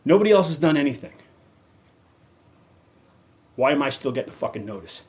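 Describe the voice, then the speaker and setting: A man's voice: on the high side, sing-song, normal speed. A middle-aged man hosting a podcast, ranting angrily and cursing heavily. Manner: profane, heated, emphatic. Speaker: podcast host. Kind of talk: angry rant.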